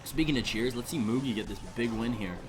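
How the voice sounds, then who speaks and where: A man giving live esports commentary on a stream, excitable and rambling, often restarting his sentences. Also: medium pitch, fast talker, background noise. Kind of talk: live esports commentary with chat shout-outs.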